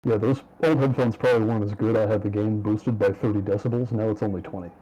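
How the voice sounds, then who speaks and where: A man with a deep, bassy voice chatting casually as a player in an online tabletop game over a headset mic. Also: fairly even intonation, fast, dark tone, dull audio. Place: home, online voice call.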